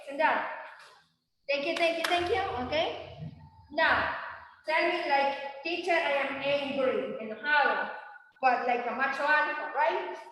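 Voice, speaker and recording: High-voiced teacher in echoey classroom. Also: female voice, unhurried, pauses often, far from the mic, a little hiss or hum. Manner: energetic, coaxing students to repeat. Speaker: English teacher. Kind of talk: classroom drill, mixing Spanish and English. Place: classroom, indoors.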